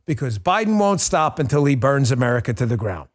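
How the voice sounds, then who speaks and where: A middle-aged man hosting a political talk show, ranting bluntly and piling up insults in quick emphatic lists. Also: medium pitch, big pitch swings. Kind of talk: heated political commentary.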